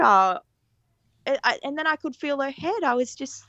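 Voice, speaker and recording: A podcast guest tells her birth story in a casual storytelling interview, her voice sitting high at a moderate pace. She is animated, laughs often and acts out quoted lines. The recording is dry and dull.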